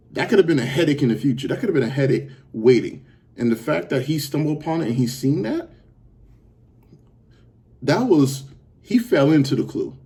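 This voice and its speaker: Guy doing reaction commentary, slow and laid back, kinda rambly. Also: medium pitch, warm tone. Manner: rambling, restarts, laughs along. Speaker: reaction video host.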